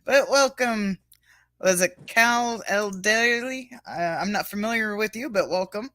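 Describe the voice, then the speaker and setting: A woman's voice: mid-range voice, a little slow, fairly bright tone, no echo. A woman hosting a casual livestreamed podcast, reading out and answering chat comments. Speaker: podcast host.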